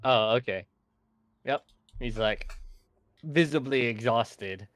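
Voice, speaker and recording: Upbeat dungeon master, dry close sound. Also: male voice, medium pitch, slow pace, no echo. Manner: relaxed, loose narration with frequent fillers and laughs. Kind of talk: narrating a tabletop game.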